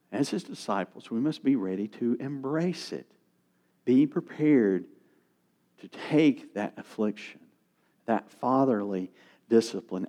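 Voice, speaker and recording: A man preaching a sermon as pastor, emphatic, with his voice rising and falling in pitch and loudness.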